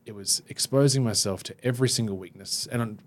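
A man hosting a podcast, talking openly and reflectively with frequent restarts. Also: lowish voice. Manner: open and self-reflective, halting restarts. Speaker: podcast host. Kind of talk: candid podcast conversation.

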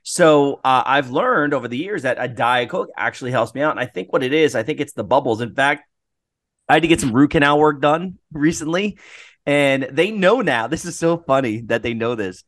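A man co-hosting a casual podcast chat, telling rambling stories and clearing his throat often. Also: mid-range voice, lively intonation, normal speed, a bit bright. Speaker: podcast co-host.

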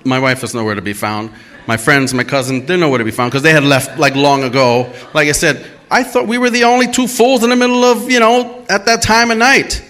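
A man's voice: a little high, fairly quick, fairly bright tone. A man telling a personal story and acting out the quoted lines, laughing at himself as he goes.

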